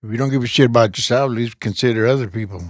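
Blunt, joking man in his sixties. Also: mid-range voice. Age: 60s. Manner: blunt, joking, quick to swear. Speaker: guest, host's father. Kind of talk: casual chat. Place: home podcast studio.

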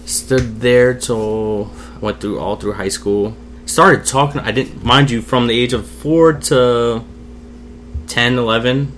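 Young guy on a podcast spilling his life story, swears a lot, mid-pitch voice, bit of hum. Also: fairly even intonation, slow, fairly bright tone. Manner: candid, swears freely, acts out quoted voices. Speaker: podcast guest. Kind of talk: casual storytelling over drinks.

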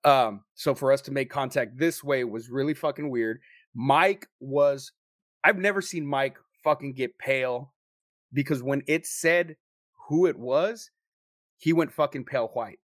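A young man telling a story to friends in a casual, profane, animated way, acting out what people said. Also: medium pitch, measured pace, no echo, clean studio sound. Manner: profane, animated storyteller who acts out quotes. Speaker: paranormal investigator telling a story.

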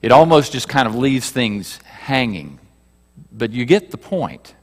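A male pastor delivers a sermon at an unhurried pace. His voice rises and falls widely as he shifts between forceful emphasis and hushed asides, putting questions to the congregation. The sound carries a long hall reverb from the church around him. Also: mid-range voice, sing-song.

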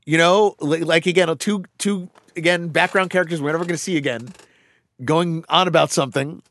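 A man chatting casually as a podcast co-host, telling stories with animated bursts and fillers. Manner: animated storyteller, quick bursts, drops into low voices for quoted characters. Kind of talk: casual chat.

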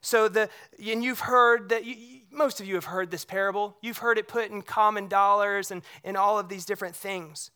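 Pastor, sermon delivery: bright, forceful tone, conversational, animated when retelling scripture. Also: medium pitch, normal speed, few pauses, smooth. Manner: conversational, checks in with the congregation using rhetorical questions.

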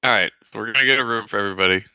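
A man's voice: on the low side, very fast, pushed and bright, no room sound. A man playing in a casual tabletop game, brash and sarcastic with plenty of swearing. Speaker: player.

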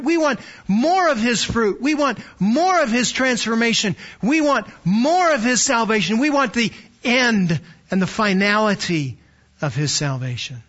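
A man delivers a sermon in a high-pitched voice, unhurried and deliberate. He is earnest and emphatic and doubles back on words to drive a point home. The recording sounds muffled and lo-fi. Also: fairly bright tone. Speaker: preacher.

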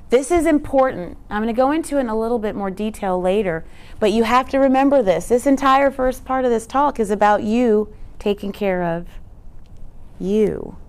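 A woman's voice: on the high side, clean tone. Earnest woman giving a talk. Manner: conversational, frequent rhetorical "right?"; earnest, emphatic. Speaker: presenter. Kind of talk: teaching presentation.

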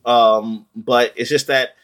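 A man's voice: medium pitch, flat delivery, slow, a bit bright. A man chatting casually in a podcast, rambling with many ums and restarts. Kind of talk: casual chat about video games.

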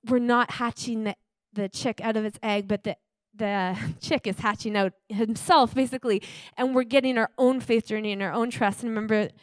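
A woman's voice: on the high side, no room sound. A woman telling faith stories in a casual, enthusiastic testimony style, chatty and full of fillers.

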